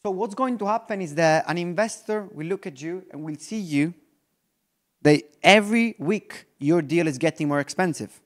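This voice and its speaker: A man with an Italian accent speaks from a conference stage in a voice pitched a little high for a man. His English is loose and full of restarts, and at times he slows to a near-murmur to drive a point home. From Italy. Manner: non-native English with restarts, drops to very slow, soft delivery for effect. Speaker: investor giving a conference talk.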